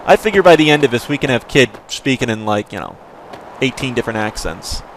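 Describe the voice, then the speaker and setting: A man's voice: mid-range voice, animated, a little fast, slight background noise. A man hosting a let's play, casually explaining game mechanics in a rambling way with fillers. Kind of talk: casual gameplay commentary. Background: loud game music.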